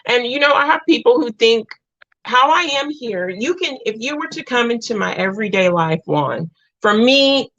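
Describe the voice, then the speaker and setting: Woman, livestream host, heartfelt rambling chat; dull low-fi stream audio. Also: fairly bright tone. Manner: rambling, heartfelt, with many restarts. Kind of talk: emotional livestream chat with viewers.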